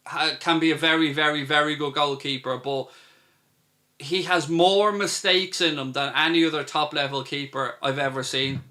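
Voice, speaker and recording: Bright-voiced Irish man hosting a watchalong. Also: fairly high pitch. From Ireland. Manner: chatty, reads out viewer questions and answers them. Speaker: host. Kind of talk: live football watchalong chat.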